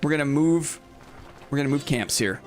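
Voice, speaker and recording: A man's voice: on the high side, animated, normal speed. Male streamer, bouncy, playful chatter over faint game music. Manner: chatty, playful, reads chat aloud. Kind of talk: casual live-stream commentary.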